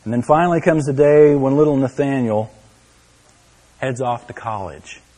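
A man preaching a sermon, telling a story to his listeners, dropping to a hush and then rising to exclaim. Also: medium pitch, normal speed, long reverb tail. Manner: storytelling, swinging from hushed to exclaiming. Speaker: pastor.

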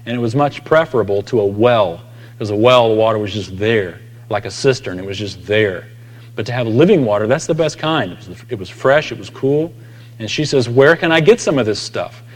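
A man preaching a sermon, conversational one moment and dropping to quiet intensity the next. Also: lowish voice, fairly quick, big-room sound. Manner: conversational, dramatic shifts between loud emphasis and quiet intensity.

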